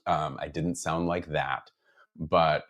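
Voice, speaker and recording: Low-voiced rambling Midwestern man. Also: steady tone, takes it slowly, a bit bright. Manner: rambling, many fillers and restarts, reads viewer comments. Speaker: guitar builder streaming to viewers. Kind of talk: casual live-stream chat.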